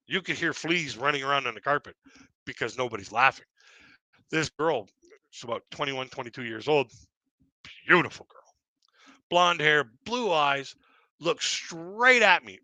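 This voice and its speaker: Canadian guy rambling thru comedy stories, really bright voice, dry close sound. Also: mid-range voice, no echo. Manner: rambling, self-deprecating, laughs at his own jokes. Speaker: stand-up comedian. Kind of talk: stand-up storytelling on a live stream.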